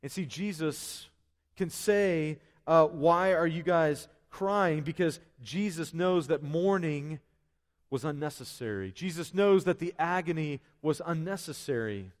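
A man's voice: a little high, expressive, a little slow. A male pastor preaching a sermon in a conversational way, full of asides and restarts. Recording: long hall reverb.

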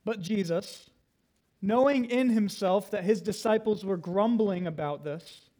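A man's voice: high voice, measured pace, dark tone, rough recording. A man preaching a sermon to a congregation, teaching verse by verse and laying out a plain outline. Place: room with a congregation.

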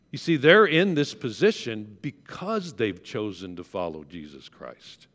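A man's voice: mid-range voice, big pitch swings, normal speed, few pauses, a bit bright. A pastor preaching a conversational sermon, coaxing his congregation to repeat words after him. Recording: long hall reverb.

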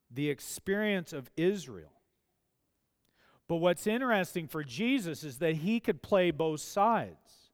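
A pastor delivering a sermon in a high, clear voice that takes its time. He is earnest and leans into emphatic questions. A long reverb from the hall trails each phrase.

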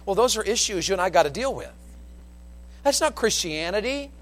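A man preaching a sermon from the pulpit, telling folksy stories in an animated, down-home way. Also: high-pitched, brisk, big-room sound. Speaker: pastor. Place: church sanctuary with long reverb. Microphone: pulpit microphone.

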